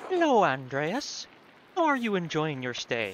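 A man voicing a gracious innkeeper's wife, reading game dialogue in a slow, soft, sultry way. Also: fairly high pitch, wildly swooping pitch, poor audio.

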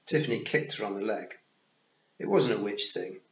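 Male audiobook narrator, low voice, animated, expressive, echoey room. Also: moderate pace. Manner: expressive, lively reading. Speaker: audiobook reader. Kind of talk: storybook narration. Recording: roomy, dull home recording.

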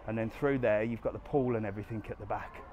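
A man's voice: fairly low pitch, fairly even intonation, quick pace, a little mellow, lo-fi sound, a little hiss or hum. A man chatting casually to live viewers as he walks along a sunny resort street, answering their questions. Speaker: travel vlogger answering live chat. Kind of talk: casual live-stream walking vlog.

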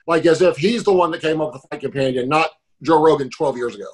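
A man's voice: on the high side, fairly even intonation, fast talker, few pauses, a little mellow. A man co-hosting a podcast, chatting casually and making wry joking asides. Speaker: podcast co-host. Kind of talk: casual chat.

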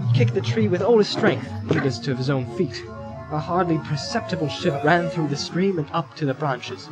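A man giving dramatic fantasy audiobook narration in a measured, vivid storytelling manner. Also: fairly high pitch, low-quality recording. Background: music score.

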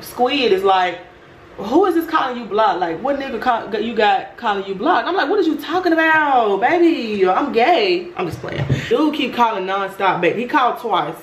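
A woman vlogger telling a story in a brash, profane, animated way. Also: fairly high pitch. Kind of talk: storytime chat. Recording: roomy room with faint noise.

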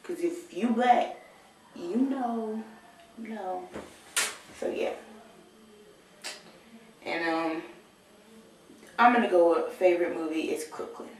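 A teenage high school girl, talking sassy and playful in a video diary from her bathroom. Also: normal speed, gravelly, pauses often, darkish tone, very echoey, distant mic, a little hiss or hum, poor audio. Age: teens. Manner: sassy, playful, talks to the camera. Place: bathroom with shower.

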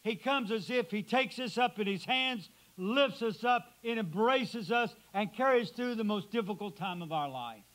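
High, bright-voiced preaching man. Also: normal speed, few pauses, low-quality recording. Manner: preaching with dramatic swings from loud to hushed. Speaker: pastor. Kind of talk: sermon. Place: church sanctuary.

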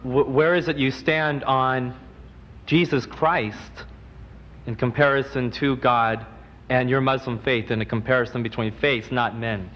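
A man in the audience slowly putting a question to the speaker. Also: medium pitch, steady tone, fairly bright tone, slight background noise. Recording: distant hall with long reverb.

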